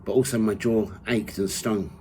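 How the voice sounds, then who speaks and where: A man reading from his own memoir in the first person, measured and steady. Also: lowish voice, a little hiss or hum, rough recording. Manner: measured reading, rising loud for quoted shouts.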